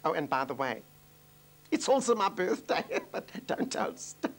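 A man's voice: high-pitched, sing-song, measured pace, vocal fry, full character voice. A man playing a doting, gossipy older Jewish mother with a South African accent in a TV sitcom. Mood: wistful. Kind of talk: TV sitcom acting.

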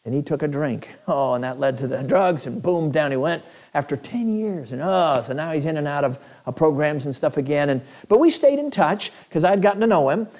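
A man's voice: a little high, expressive, fairly quick, few pauses, darkish tone. A male evangelist preaching a sermon in a church, telling stories in a conversational way with chuckles.

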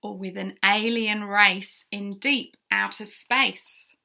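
A woman's voice: medium pitch, fairly even intonation, slow, gravelly, sharp tone. A woman reading a rhyming picture book aloud to children, in a sing-song way, sometimes whispering and asking the listener questions. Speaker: children's storyteller.

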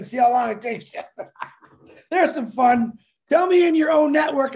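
Excitable, rambling man on a video call. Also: very high voice, normal speed. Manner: excitable, laughs while talking. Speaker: webinar co-presenter. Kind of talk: excited rambling pep talk.

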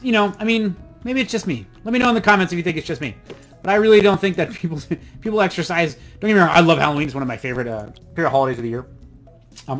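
Casual let's-play host, man, slightly high voice, self-mocking asides. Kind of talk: casual gameplay commentary.

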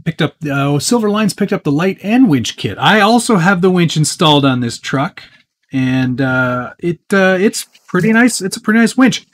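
A man's voice: sits high, animated, moderate pace. Chatty man narrating a hands-on build. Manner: chatty and easygoing, with frequent fillers and self-interrupting asides; hands busy working on a model truck while talking. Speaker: host of a live build stream. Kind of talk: casual live-stream build chat, answering viewer questions.

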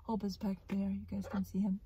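A young woman retells a frightening incident outdoors in a park in a casual vlog. She sounds shaken and emotional and breaks into loud outbursts. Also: mid-range voice, monotone, a little fast, slightly rough, dry recording. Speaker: parrot vlogger.

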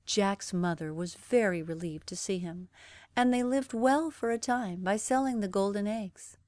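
Slow gentle woman storyteller. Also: medium pitch, no room sound. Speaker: narrator. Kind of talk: bedtime story reading.

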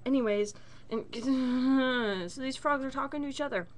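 A woman's voice: high voice, unhurried. A woman vlogger telling an exasperated, swear-filled story to the camera from her bedroom. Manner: animated, exasperated, swears a lot. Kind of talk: casual storytelling rant. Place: own bedroom.

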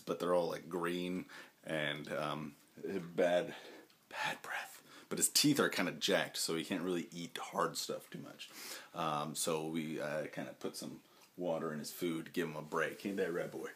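A man talking casually to the camera at home in a rambling, halting way, full of fillers and restarts, sometimes turning to speak fondly to his dog. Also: sits low, steady tone, a bit bright. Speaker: vlogger.

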